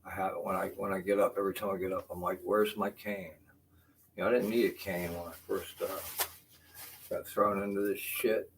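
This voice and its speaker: A man's voice: low-pitched, level tone, fairly quick. An older man streaming from his house, rambling, cursing and apologizing for it in frustration. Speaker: vlogger. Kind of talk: rambling live-stream talk. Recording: distant, noisy home recording.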